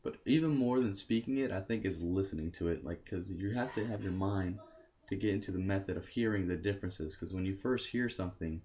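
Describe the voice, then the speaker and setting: A young American man with a low voice rambles casually to camera and keeps correcting himself with lots of fillers. The sound is dull and lo-fi, like a basic home recording. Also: fairly quick, a little mellow. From United States. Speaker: language learning vlogger.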